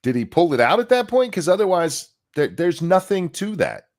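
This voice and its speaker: A man's voice: high-pitched, big pitch swings, normal speed. Middle-aged guy ranting on a podcast, voice all over the place, super opinionated. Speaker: co-host. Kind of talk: casual podcast chat.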